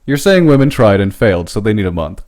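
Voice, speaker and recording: A man's voice: lowish voice, very animated, fast, darkish tone. A man co-hosting a podcast, talking in blunt, sarcastic casual banter and swearing freely. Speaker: podcast co-host.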